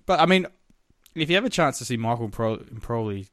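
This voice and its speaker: A man's voice: mid-range voice, animated, fast, no room sound, clean studio sound. An Australian man hosting a podcast, telling stories in a rambling, profane way. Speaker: podcast host. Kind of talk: casual podcast chat.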